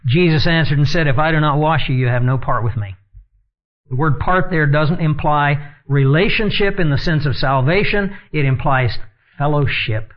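A man with a somewhat high voice delivers an earnest sermon and reads scripture aloud between his explanations. The recording sounds dull and lo-fi. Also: moderate pace. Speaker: Bible teacher.

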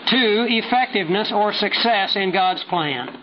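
A man preaching a sermon with measured, emphatic delivery, slowing down to stress key words. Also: high-pitched, animated. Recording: dull lo-fi sound with faint noise.

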